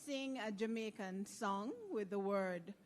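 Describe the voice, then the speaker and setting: A woman's voice: medium pitch, measured pace. A woman in the audience, tentative and half-singing. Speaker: audience member.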